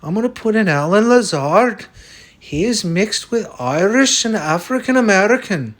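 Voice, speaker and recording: A man plays a stubborn, boastful fellow who insists he is Irish. He talks bluntly and swears freely. His voice sits high and swings in lively leaps, with a loud, keyed-up delivery. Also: normal speed. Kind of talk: comic sketch over a fantasy lineup.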